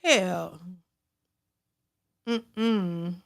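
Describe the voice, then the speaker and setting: A woman's voice: on the low side, very slow, creaky. A woman hosting a casual livestream, reading out super chats and giving her blunt opinions, with lots of restarts and repeated phrases. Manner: outspoken, repeats herself, frequent restarts. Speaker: host of a reaction livestream.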